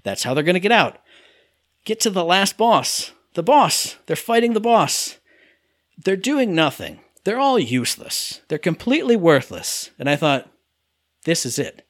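A man rants animatedly in casual chat, his slightly high voice swinging widely as he acts out characters' lines. The sound is dry and close, with no room around it. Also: very animated, measured pace, dry recording. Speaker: podcast co-host reviewing a game. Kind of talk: casual chat, ranting review.

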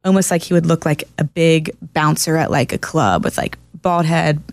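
A woman counselor in casual podcast chat, an animated and earnest storyteller. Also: sits low, normal speed, no room sound.

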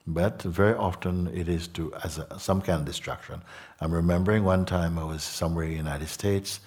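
A man's voice: low voice, fairly even intonation, darkish tone. A man giving a spiritual talk to a gathering, reflective, often adding "no?" and "hmm?". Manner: slow, reflective, tag questions like "no?" and "hmm?". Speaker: spiritual teacher. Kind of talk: satsang talk.

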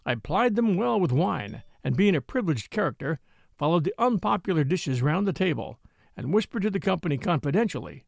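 Male audiobook narrator, fairly high voice, expressive, dry close sound. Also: a little fast, creaky, no echo. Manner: expressive, wry storytelling. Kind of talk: storybook reading of a classic novel.

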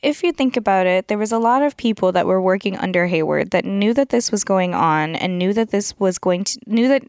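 A woman who teaches, co-hosting a podcast, talking in a chatty, animated way with many "like"s. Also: medium pitch, fairly quick, clean tone, no echo, clean studio sound. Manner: chatty, lots of "like", animated storytelling. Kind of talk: casual chat.

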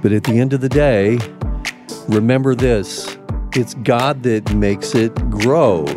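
A man's voice: mid-range voice, takes it slowly, over music. A man hosting a morning radio show, reflecting in an encouraging way to close a segment.

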